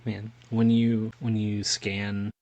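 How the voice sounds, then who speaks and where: A man co-hosting a podcast in casual chat, tossing in quick jokes and asides. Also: on the low side, monotone, a little mellow, no room sound, lo-fi sound. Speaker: podcast co-host.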